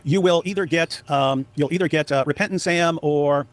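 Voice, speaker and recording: A man's voice: a little high, normal speed. A man giving casual video commentary, emphatic and often repeating himself. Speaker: online commentator.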